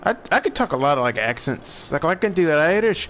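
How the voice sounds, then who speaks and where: A man's voice: fairly high pitch, very animated, a little fast, a bit bright, slight background noise. A young man chatting casually as he streams a game, laid-back and thinking aloud while he plays. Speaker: gaming streamer. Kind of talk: casual live gameplay commentary.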